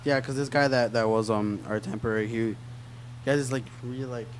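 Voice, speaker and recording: A man's voice: medium pitch, steady tone, a little fast, slight background noise. Hesitant young band guest, man. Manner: hesitant, many "like" and "um".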